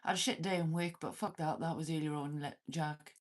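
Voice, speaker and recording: A woman's voice: sits low, fairly even intonation, brisk. A Welsh woman hosting a livestream from her cabin, chatting casually with viewers, laughing often and swearing freely. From Wales. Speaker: livestream host.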